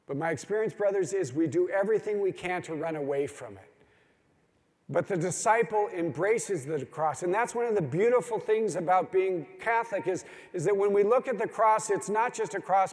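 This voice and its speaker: A high, slightly mellow male voice belongs to a middle-aged preacher addressing a men's gathering. His sermon unfolds as earnest stories with pleading emphasis that climbs, captured with long hall reverb.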